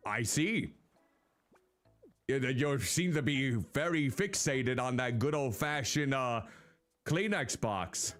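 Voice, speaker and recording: A male VTuber streamer with a mid-range voice speaks slowly while playing a life-sim game. He's animated and talks to the characters on screen, giving casual commentary, with faint game music behind.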